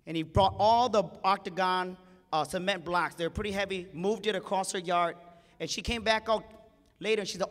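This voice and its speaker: Man, high voice, emotional storytelling speech, large hall reverb. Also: a little fast, a bit bright. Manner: emotional, acts out quoted voices. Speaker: conference speaker. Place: conference hall stage.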